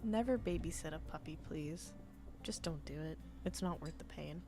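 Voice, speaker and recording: A streamer talking casually while playing a game, giggly and dramatic, reading dialogue aloud, with faint game music in the background. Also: female voice, deep voice, moderate pace.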